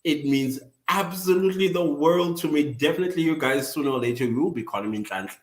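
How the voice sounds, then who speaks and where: A man's voice: a little high, quick pace, echoey room. A man hosting a casual livestream, chatting with viewers, teasing them by name and laughing often. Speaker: livestream host.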